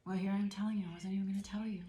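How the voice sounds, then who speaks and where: A middle-aged woman gives a casual tarot reading, musing and rambling to the viewer in a warm, mid-range voice that stays fairly level in pitch while she speaks very fast. The room adds a noticeable echo.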